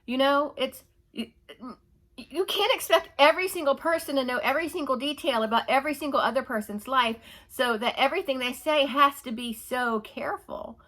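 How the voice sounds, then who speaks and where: A woman with a fairly high voice rants casually to the camera. She rambles and sounds exasperated. Now and then she mimics whiny people. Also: fairly quick, a bit bright. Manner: rambling, exasperated, laughs while telling stories; mocks others in put-on whiny voices. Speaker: vlogger. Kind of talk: casual opinion monologue.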